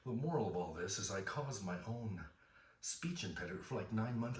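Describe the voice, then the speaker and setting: Low-voiced man telling a story, roomy sound. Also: lively intonation, normal speed. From Southern California. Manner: rambling, self-deprecating, with many fillers and restarts. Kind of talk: casual personal storytelling. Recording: roomy, from a distance.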